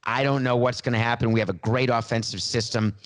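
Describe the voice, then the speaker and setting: A man's voice: mid-range voice, fairly even intonation, fast, close to an everyday voice. A man on a sports podcast playing a smug, money-minded star quarterback in his forties, in a mock press conference using his own plain voice. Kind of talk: satirical impression in a sports podcast.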